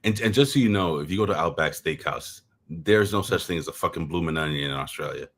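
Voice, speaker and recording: An American man with a Boston accent hosting a casual video-call chat, excitable and stumbling over repeated words. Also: low-pitched, fast talker. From USA. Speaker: host.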